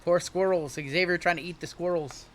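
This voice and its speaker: A young man hosting a live-streamed card break, joking and hyping each pull in rapid running banter. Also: high voice, fairly even intonation, fairly bright tone, slight background noise.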